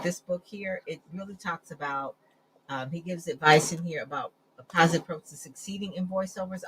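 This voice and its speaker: A woman hosting an interview on a video call, asking questions in an energetic, emphatic way. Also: low-pitched, noisy background. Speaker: show host.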